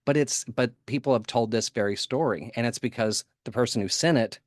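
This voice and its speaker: A man's voice: medium pitch, brisk, no room sound, clean studio sound. A man giving a conference talk in a casual, humorous way, often laughing and putting on voices for quotes. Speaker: conference speaker.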